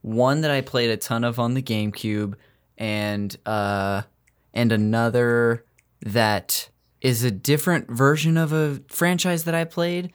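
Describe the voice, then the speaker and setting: A man chatting casually on a podcast panel, relaxed and storytelling with fillers. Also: medium pitch, smooth. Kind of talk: casual chat.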